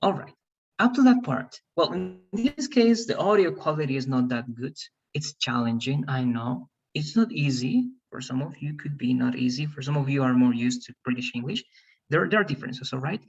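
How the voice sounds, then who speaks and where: Husky man teaching an online class. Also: medium pitch, animated, normal speed. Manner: coaxing, repeats "all right" and "right". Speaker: English teacher. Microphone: video call. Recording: dull, lo-fi video call audio.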